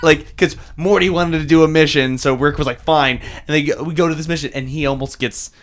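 Animated young man, faint noise. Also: fairly high pitch, brisk. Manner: animated, swearing, acts out cartoon scenes. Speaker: friend in conversation. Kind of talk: casual chat.

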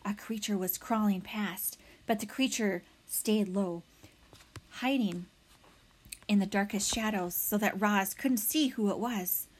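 A woman reading a children's novel aloud as narrator, with expressive storytelling. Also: medium pitch, measured pace, a little hiss or hum.

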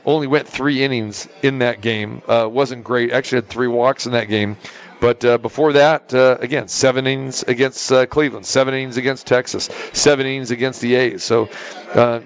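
A man co-hosting a sports betting talk show, reeling off stats casually with many fillers. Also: mid-range voice. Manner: lots of "uh" fillers, reels off stats.

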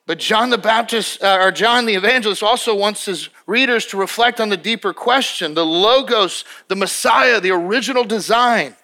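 A man preaching from the pulpit with a high-pitched voice. His tone is bright and forceful, and he talks to the congregation in an emphatic, conversational way. He often restarts and repeats words as he builds each point. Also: normal speed, hardly any pauses. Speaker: pastor. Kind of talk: sermon.

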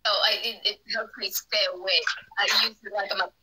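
A woman's voice: medium pitch, fairly even intonation, fast talker, sharp tone, rough recording. A teenage girl chatting on a podcast through an old computer webcam mic, giggly and full of fillers. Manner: giggly, lots of 'like' fillers. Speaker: podcast co-host. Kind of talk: casual chat.

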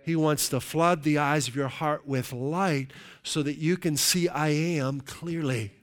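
A man's voice: on the high side, steady tone, unhurried. Man preaching with frequent "right?". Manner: conversational preaching, frequent "right?" check-ins. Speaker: pastor. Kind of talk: sermon.

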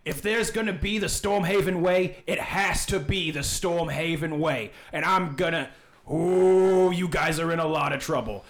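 A man voicing a pompous, hot-tempered male guard who speaks loudly and officiously and is quick to accuse. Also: fairly high pitch, pitched above the performer's own voice. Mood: indignant.

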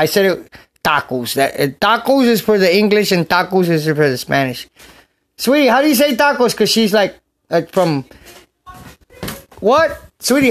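A high-pitched man rambles through a loose, jokey podcast, recorded on a phone in a bedroom. He jumps from topic to topic and now and then breaks into a shout. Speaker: podcast host. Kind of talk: rambling casual podcast chat. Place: a bedroom at home.

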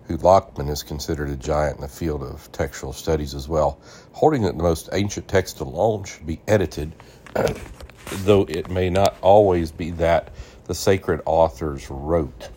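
A man's voice: extremely low pitch, dark tone, slight background noise. A man hosting a Bible podcast, reading an old scholarly text aloud and stopping to add his own comments and spell out names. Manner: reads deliberately, stops to explain names and spellings.

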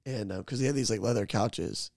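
A young man hosting a podcast, telling animated, profanity-filled childhood stories to his friends and acting out the people in them. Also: lowish voice, fairly quick, vocal fry, dry recording, clean studio sound. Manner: animated, swears a lot, acts out voices in his stories. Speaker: podcast host. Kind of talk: casual storytelling among friends.

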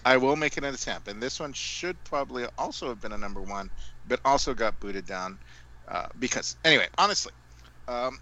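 A man co-hosting a casual podcast, wandering into asides and catching his own slips mid-sentence. His tone is bright and forward, at an everyday middle pitch. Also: animated, brisk, rough recording. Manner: rambling, self-correcting asides. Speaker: podcast co-host. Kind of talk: casual chat.

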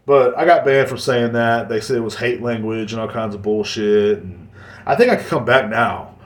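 A man's voice: mid-range voice, moderate pace. A man hosting a casual solo podcast, rambling and joking with plenty of swearing. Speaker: podcast host. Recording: roomy echoey recording.

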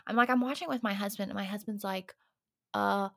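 A woman co-hosting a casual chat, animated and exasperated, laughing often as she recaps a show. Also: mid-range voice, fairly quick, creaky, no room sound, studio quality. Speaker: podcast co-host.

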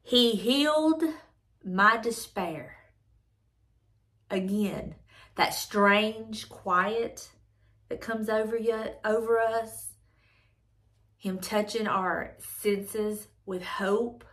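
A woman's voice: mid-range voice, fairly even intonation, very slow, a bit bright. Earnest woman reflecting on scripture. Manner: earnest, reflective, repeats phrases. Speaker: devotional channel host. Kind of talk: devotional reading and reflection.

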